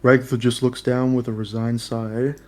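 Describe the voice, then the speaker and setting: A man's voice: mid-range voice, little pitch movement, normal speed. Man casually reading game narration. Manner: plain first-person narration with offhand asides. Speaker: player reading a story game aloud.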